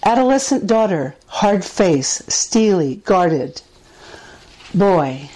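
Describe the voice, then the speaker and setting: Woman poet, unhurried and mellow, reads her own verse gently. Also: medium pitch, lively intonation, low-quality recording. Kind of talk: reading her own poetry.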